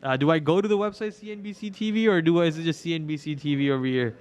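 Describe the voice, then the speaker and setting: Very fast and fairly high-pitched, a young man talks his way through a stock trading livestream. His live market commentary wanders casually, chatty and heavy on filler words.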